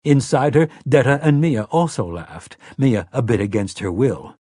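Husky male audiobook narrator. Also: medium pitch, no room sound, studio quality. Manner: measured, expressive storytelling. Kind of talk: scripted narration.

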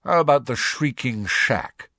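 A man voicing a brisk, frank adult wizard with a wry, impatient edge in an audiobook. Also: medium pitch, lively intonation, bright, forceful tone, dry recording, clean studio sound, pitched above the performer's own voice, exaggerated voice. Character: adult male wizard, wry, bold, fond godfather. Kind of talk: audiobook character voice.

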